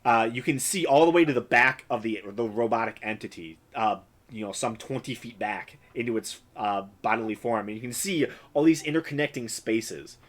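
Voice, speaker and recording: A man with a medium-pitched voice runs a tabletop game as game master. He describes scenes and rules in a hesitant way, stopping often with ums and uhs. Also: moderate pace, few pauses. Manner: hesitant, many fillers.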